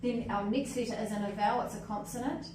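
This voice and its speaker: A woman's voice: on the high side, a little fast. A woman leading a hands-on teaching workshop as a literacy trainer, upbeat and often checking in with "okay?" and "cool?". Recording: echoey room, mic at a distance, faint noise.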